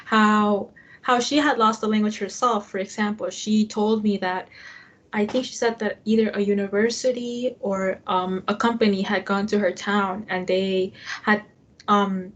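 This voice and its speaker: Flat-voiced woman on a muffled call. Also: mid-range voice, measured pace. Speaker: panel speaker. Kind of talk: casual personal account. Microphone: video call. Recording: dull, muffled video call audio.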